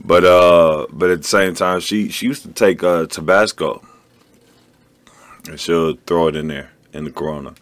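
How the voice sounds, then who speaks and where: A man in casual chat, telling a rambling anecdote with plenty of pauses and fillers. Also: deep voice, steady tone. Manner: laid-back, rambling, with fillers.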